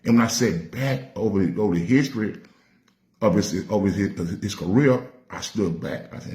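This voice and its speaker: A rapper from Nashville, Tennessee, with a Southern accent tells stories casually in a streetwise, profane way, acting out the voices of people he quotes. His voice is fairly low and a little mellow, at a moderate pace, in a reverberant space.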